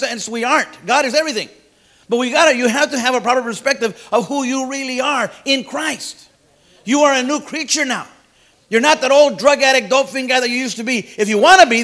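High-voiced bright male preacher. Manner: folksy, hesitant with fillers and repeated words; emphatic, rising to loud declarations. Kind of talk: sermon.

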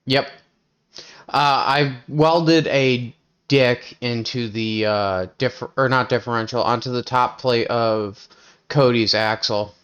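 A man's voice: medium pitch, takes it slowly, a bit bright, smooth. A man on a podcast teasing his friends with crude jokes in casual chat. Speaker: podcast co-host. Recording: dull lo-fi sound.

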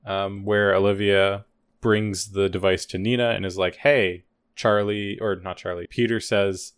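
A man chatting casually about a TV episode on a podcast, animated and quick to laugh, acting out lines from the show. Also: sits low, clear, resonant tone, no room sound, studio quality. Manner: animated, laughs often, acts out quotes. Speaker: podcast co-host. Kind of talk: casual TV recap chat.

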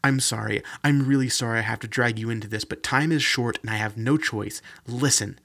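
A man's voice: mid-range voice, a little fast, vocal fry, fairly bright tone. A man voicing a stern woman doctor under pressure, speaking urgently and curtly. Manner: urgent and curt.

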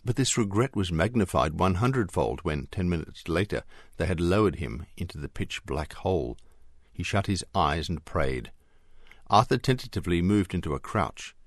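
Deep-voiced male audiobook narrator. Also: animated, normal speed, no echo, studio quality. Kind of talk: scripted narration.

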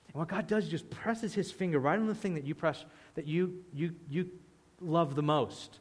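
A man's voice: fairly high pitch, big pitch swings, a little fast, breathy edge, in a large hall. A man preaching a sermon with passion, acting out the voices of people praying. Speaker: pastor.

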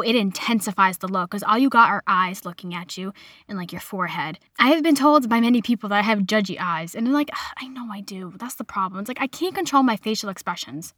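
A young woman in her twenties telling a casual personal story in a chatty, animated way, quoting other people as she goes. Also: fairly high pitch, dry recording, studio quality. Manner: chatty, animated retelling with quoted voices.

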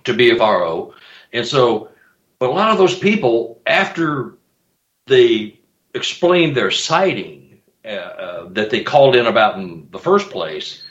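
A man talking as a guest on a show, an animated storyteller who repeats words and breaks into laughs. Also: medium pitch, measured pace. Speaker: guest author and Bigfoot investigator. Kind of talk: casual chat. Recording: roomy, dull sound.

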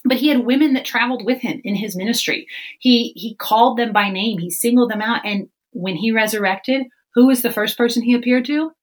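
A woman on a faith podcast, talking fast and animated and acting out the voices she quotes. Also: fairly high pitch, rough recording. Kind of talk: casual faith podcast chat.

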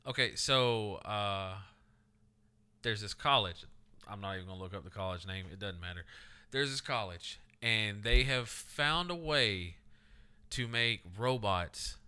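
A man's voice: fairly low pitch, animated, measured pace, pushed and bright, smooth. A young man co-hosting a podcast, telling stories casually and swearing freely. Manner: storytelling, swearing, acts out quoted voices. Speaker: podcast co-host. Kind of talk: casual chat.

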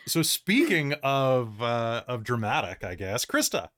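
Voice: mid-range voice, big pitch swings, measured pace, a bit bright. A game master from the States, introducing the cast in a loose, jokey chat. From United States.

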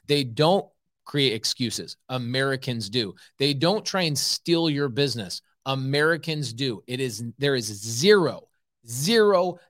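A man's voice: mid-range voice, fairly bright tone. A man hosting a live podcast as a real estate coach, speaking bluntly and repeating his points for emphasis. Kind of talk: casual live podcast talk.

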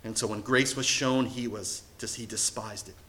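A man preaching a sermon as pastor, telling a story in an animated way. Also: fairly low pitch, moderate pace. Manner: animated storytelling, acting out quoted voices.

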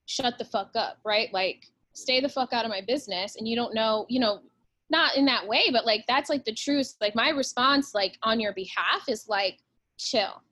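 Here a woman with a sharp, fairly high voice delivers a fast-flowing pep talk. She's a real estate agent on a laid-back podcast interview, speaking bluntly and cursing a lot.

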